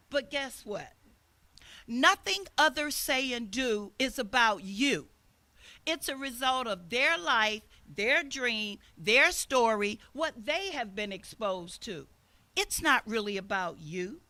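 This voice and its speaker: A woman's voice: high voice, expressive, slow, pushed and bright. An older woman minister giving a sermon outdoors, telling stories in an earnest way and acting out the voices she quotes. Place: outdoor service.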